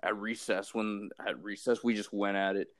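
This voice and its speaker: A man's voice: on the low side, level tone, moderate pace, dry recording, studio quality. A young man in casual chat, laid-back and slangy, calling people bro and dude.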